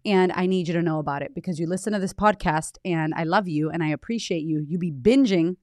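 A woman's voice: fairly low pitch, quick pace, a little mellow, no echo, clean studio sound. A woman in her thirties hosting her podcast in an emphatic, chatty way, swearing casually. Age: 30s. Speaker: podcast host. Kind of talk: casual motivational podcast talk. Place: home in Australia.

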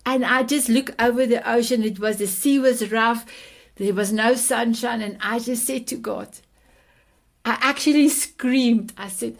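Her voice sits a little high, steady and somewhat slow with a creaky quality. She's a South African in her fifties with Afrikaans as her mother tongue and a South African accent, recounting her life as a podcast guest in an affectionate, heartfelt way full of repeated endearments.

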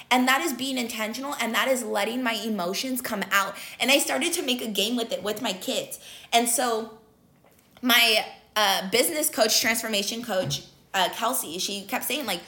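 Young woman, slightly high voice, casual motivational talk, earnest and emphatic. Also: normal speed, pushed and bright. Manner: earnest, emphatic, uses many fillers. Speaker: motivational speaker.

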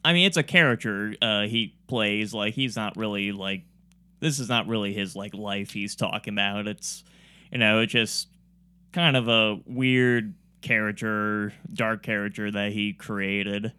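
Bright, smooth-voiced man chatting casually. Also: on the low side, steady tone, measured pace. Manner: rambling, many fillers and restarts. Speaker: podcast host. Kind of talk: casual chat about comedy.

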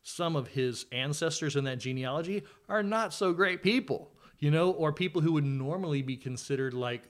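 A man's voice: medium pitch, moderate pace. Guy hosting a bible podcast, chatty and casual, bit of dry sarcasm. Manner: conversational, with fillers and dry sarcasm. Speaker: podcast host. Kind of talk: casual Bible study chat.

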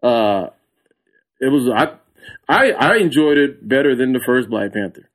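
A man's voice: mid-range voice, unhurried, rough recording. A man, a comedian guest on a podcast, telling a story casually with lots of swearing and laughter. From San Antonio, Texas. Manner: animated, acts out his own reactions in a raised voice; profane, laughs often.

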